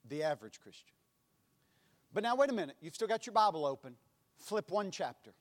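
A man preaching a sermon in a church, impassioned, swinging between loud and soft passages. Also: sits high, big pitch swings, a little fast. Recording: long hall reverb.

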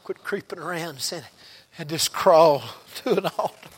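A man preaching a revival sermon, telling stories in a folksy way and rising into shouted exhortation. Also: fairly high pitch, moderate pace, breathy edge.

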